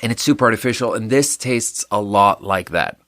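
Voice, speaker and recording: A man's voice: fairly low pitch, fairly quick, pushed and bright, no room sound, clean studio sound. A man hosting a solo podcast, chatting casually in a rambling, self-deprecating way that trails off and restarts. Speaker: podcast host.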